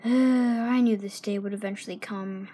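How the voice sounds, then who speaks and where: A woman's voice: medium pitch, fairly even intonation, unhurried, a little hiss or hum, close to an everyday voice. A woman voicing a weary, determined male pirate captain in an amateur film, speaking in a grave, plain way. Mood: somber. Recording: voice over loud orchestral strings.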